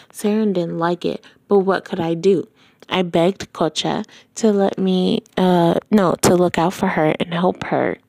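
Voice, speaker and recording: Podcast reader, woman, slow and gravelly, wet mouth sounds, casual home recording. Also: fairly low pitch, darkish tone. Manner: stops to correct misreadings and chats between passages. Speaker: podcast host reading a book aloud. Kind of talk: casual read-aloud of a novel with asides. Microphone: home recording, not studio-soundproofed.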